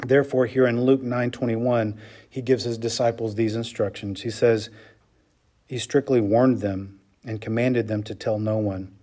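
Mellow-voiced man preaching a sermon. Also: medium pitch, steady tone, moderate pace. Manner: emphatic preaching, frequent "okay?" and "right?" checks. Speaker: pastor.

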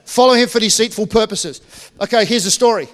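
A man's voice: high voice, a little fast, big-room sound. A man preaching a sermon in a church, talking conversationally, joking with the congregation, and often restarting his sentences. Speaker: pastor.

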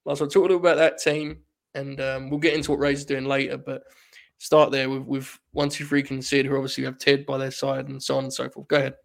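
A man hosting a podcast in casual chat, animated and swearing freely. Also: mid-range voice, fast, vocal fry. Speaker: podcast host.

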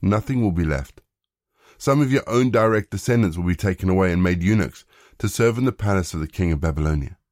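A man reads a stern old prophet handing down warnings in a deep, low voice. The delivery stays plain and unhurried, and the recording is dry. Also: animated, darkish tone, no echo.

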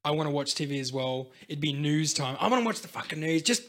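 Young aussie bloke, kinda high voice, swears heaps, rambly and animated, podcast chat. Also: male voice, fast talker. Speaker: podcast co-host.

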